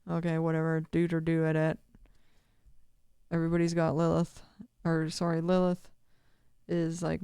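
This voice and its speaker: A woman's voice: sits low, mellow, clean tone, no room sound, clean studio sound. A woman giving casual, rambling video commentary, swearing constantly and laughing often.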